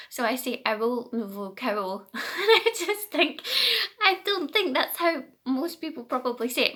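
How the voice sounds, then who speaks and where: Scottish woman, knitting vlogger, slightly high with vocal fry, chatty and self-correcting, home phone recording. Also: fairly bright tone. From Scotland. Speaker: knitting podcast host. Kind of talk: casual chat to camera. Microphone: phone camera.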